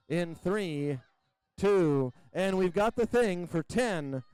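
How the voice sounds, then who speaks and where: A man announcing a robot combat event, calling competitors to the arena and giving energetic play-by-play with countdowns. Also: high-pitched, slow, clear, resonant tone, no echo, poor audio. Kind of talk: live event commentary.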